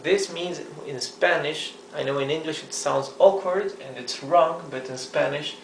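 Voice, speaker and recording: A man teaching a language lesson at a whiteboard, explaining patiently, checking in with "okay?" and "right?", and repeating words slowly. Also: fairly high pitch, roomy sound, slight background noise, low-quality recording. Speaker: Spanish teacher.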